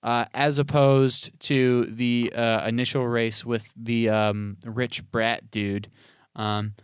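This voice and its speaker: Speaking slowly at a medium pitch with little pitch movement, this man's smooth voice comes through a dry, clean studio recording. As a podcast co-host, he chats casually about a movie in a rambling recap heavy with fillers and playful quoted voices.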